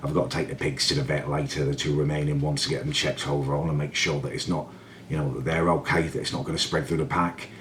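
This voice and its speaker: A man's voice: rumbling low, little pitch movement, fast talker, a little hiss or hum. A man vlogging casually to camera, ranting in exasperation and tagging his sentences with "right?". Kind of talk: casual vlog monologue.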